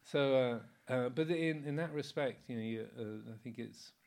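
Speaking at a normal speed in a mid-range voice with some vocal fry, a sixty-something monk offers an informal Dharma talk. He's relaxed and anecdotal, chuckling often and using plenty of fillers.

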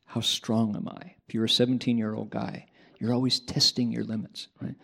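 Man, Buddhist monk, sermon, animated storytelling, gravelly voice, middle pitch. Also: normal speed. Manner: animated storytelling, conversational asides. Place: Buddhist monastery.

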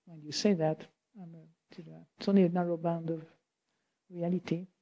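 A woman's voice: fairly low pitch, level tone, moderate pace, dark tone, muffled recording. French-accented woman, Buddhist teacher, loose chatty Q&A, laughs and checks in with the room. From France. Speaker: Buddhist teacher answering questions. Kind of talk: informal dharma Q&A talk.

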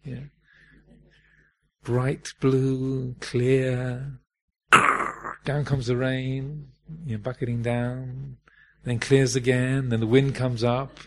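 A man giving a reflective Dharma talk as a meditation teacher, pausing often and restarting his phrases. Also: medium pitch, gravelly, darkish tone. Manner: reflective, halting, many fillers and restarts.

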